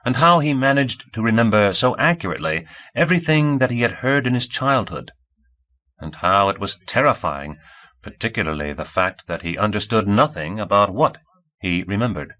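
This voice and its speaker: Man reading a novel aloud, lowish voice but sharp and bright, steady pace. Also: normal speed, low-quality recording. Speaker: audiobook narrator. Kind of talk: scripted narration.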